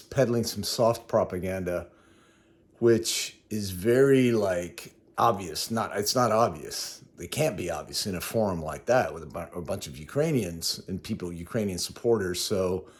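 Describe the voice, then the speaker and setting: A man vlogging a casual spoken recap of his day, rambling and correcting himself as he goes. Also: sits low. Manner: conversational, rambling, self-correcting. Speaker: travel vlogger.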